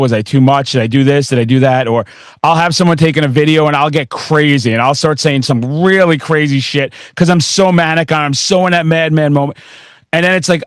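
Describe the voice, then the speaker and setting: A man hosting a podcast, chatting casually and excitedly with a rambling flow. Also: fairly high pitch, dry recording, clean studio sound. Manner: excitable, rambling, with bursts of laughter. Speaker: podcast host. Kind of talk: casual interview chat.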